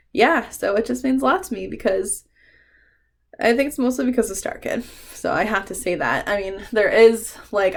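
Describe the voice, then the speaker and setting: Chatty, laughing woman vlogger. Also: medium pitch. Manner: chatty and swears freely, often laughing between remarks; emotional, fond rambling with frequent ums. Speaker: book vlogger. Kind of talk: casual book tag vlog.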